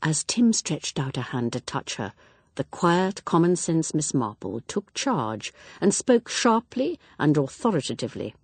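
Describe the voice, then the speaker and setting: A woman narrating a mystery novel in a measured, expressive storytelling voice. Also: sits low, slightly rough, no room sound. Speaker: audiobook narrator. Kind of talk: scripted narration.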